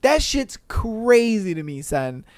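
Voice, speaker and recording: Slangy, animated podcast host man. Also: sits high, takes it slowly, no room sound, studio quality. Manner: slangy, animated, swears a lot. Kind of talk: solo podcast commentary reading stories.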